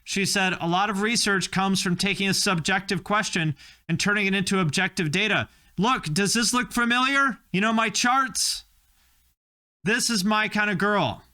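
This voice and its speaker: Bright, high-voiced wry male host. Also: moderate pace. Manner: opinionated, wry, self-mocking. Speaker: host reacting to video clips. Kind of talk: casual reaction commentary.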